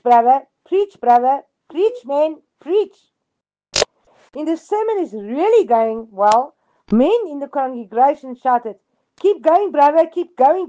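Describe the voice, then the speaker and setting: A woman's voice: a little high, dull audio, background noise. A woman giving a devotional radio reading, telling a story earnestly with emphatic repetition.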